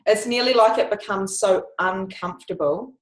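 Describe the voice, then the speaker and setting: A woman's voice: medium pitch, moderate pace, reverberant, rough recording. A woman hosting an interview, talking reflectively and candidly, with frequent ums. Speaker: podcast host. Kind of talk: conversational interview.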